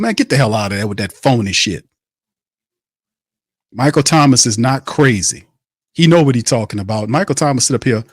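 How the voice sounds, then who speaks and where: A man's voice: medium pitch, no room sound. A man rants about football as a podcast host, hammering the same points again and again in blunt, profane bursts. His voice sits in a middle register. It is recorded dry and close, with no room sound. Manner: fired-up ranting, repeats himself, blunt and profane. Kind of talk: heated sports commentary.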